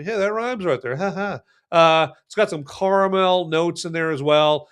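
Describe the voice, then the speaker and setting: Casual podcast host, male, slightly higher voice, rambling and jokey beer review. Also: normal speed, a bit bright, clean tone. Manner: rambling, lots of fillers and restarts, jokey. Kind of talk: casual chat.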